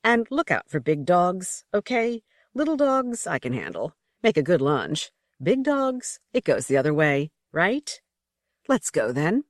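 A sly, crude coyote trickster spirit from an audiobook tale, drawling and mocking in a low, swooping voice, as a woman puts her on. She sounds brash and unbothered. The read is close and dry. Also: very animated, unhurried, dry recording. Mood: wary.

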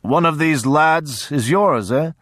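A man puts on a big, loud, jovial landowner whose warmth hides a threat, pitched above the narrator's own low voice. The reading is close and dry, with no room in it. He booms his friendly words as if he owns the ground he stands on. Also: slow pace, dry recording. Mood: hearty, jovial. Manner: hearty, loud and genial. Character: big jovial menacing older male lord. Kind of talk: audiobook character voice.

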